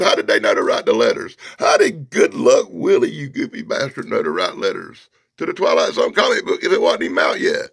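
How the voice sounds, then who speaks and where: A man's voice: medium pitch, wildly swooping pitch, fairly quick, creaky, husky, no room sound, studio quality. A man hosting a comic book review vlog, giving a sarcastic, mocking running commentary as he pages through an old comic. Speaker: host.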